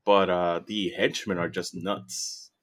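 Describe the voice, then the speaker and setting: A podcast co-host with a deep, fairly bright voice delivers his words flatly and slowly. He chats casually and enthusiastically, recapping a tabletop game and often restarting his words.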